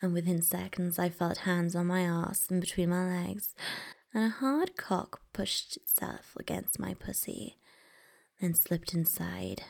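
A woman narrating a story in a hushed, intimate whisper, her words drawn out very slowly. Her voice sits a little low, with a gravelly fry running through it. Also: animated. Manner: soft, intimate, mostly whispered delivery.

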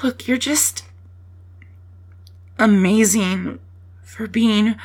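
Woman, whispered role-play comfort piece; slow, breathy, soft-spoken, casual swearing. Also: mid-range voice.

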